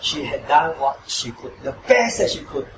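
A man's voice: fairly high pitch, sing-song, moderate pace. Preaching man, roomy and distant. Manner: rhetorical questions, rising to emphatic pleas. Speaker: pastor. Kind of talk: sermon. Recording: roomy echo, distant mic, noisy.

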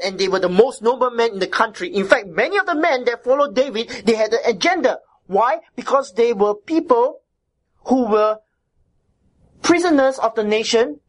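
Higher-pitched woman preaching a sermon. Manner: teaching, repeats "right?" and "isn't it?" to check in with listeners; emphatic and repetitive phrasing.

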